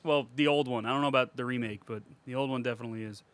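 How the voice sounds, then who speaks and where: A man's voice: mid-range voice, fairly even intonation, very fast, smooth. A man co-hosting a casual podcast, rambling with restarts and casual swearing. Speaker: podcast co-host. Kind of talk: casual chat.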